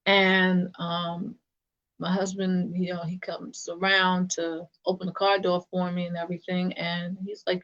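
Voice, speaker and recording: A woman who serves as a church deacon tells a personal story, pausing often and circling back with fillers and restarts. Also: fairly low pitch, flat delivery, fairly bright tone, muffled recording. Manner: halting, with many fillers and restarts.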